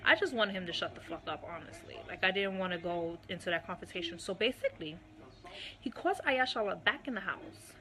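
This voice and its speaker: A woman's voice: fairly low pitch, animated, bright, forceful tone. Woman telling a candid personal story. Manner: unhurried, with frequent "um" and "you know". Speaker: guest recounting her marriage.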